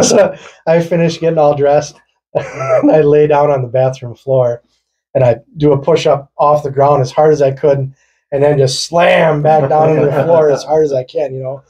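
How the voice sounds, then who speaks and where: Man, husky, mellow, casual swearing storyteller. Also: a little high, moderate pace. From rural Wisconsin. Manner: loose, profane, laughing through his story. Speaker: podcast co-host. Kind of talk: casual storytelling among friends.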